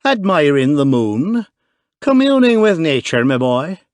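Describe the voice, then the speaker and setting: A man's voice: a little high, big pitch swings, measured pace, no echo, pitched above the performer's own voice. A man reading aloud, voicing a defiant Irish army officer with a thick brogue. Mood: reckless, mocking. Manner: brogue, hot-tempered.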